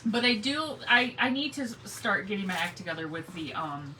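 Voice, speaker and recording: Chatty lady crafting live, bright voice, says hi to everyone by name, sits back from the mic. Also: medium pitch, sing-song, normal speed, recorded from a distance, slight background noise, low-quality recording. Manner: chatty, friendly, greets viewers by name. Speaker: craft livestream host. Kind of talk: casual live craft stream chat.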